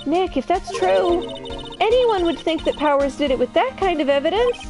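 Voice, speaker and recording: A woman's voice: very high-pitched, lively intonation, normal speed, music in the background. A woman voicing a perky young female sidekick in a chirpy, teasing manner. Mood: worried.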